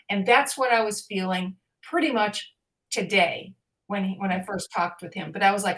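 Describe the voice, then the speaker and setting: A woman in casual conversation, telling a personal story in an animated way and laughing along. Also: medium pitch, normal speed.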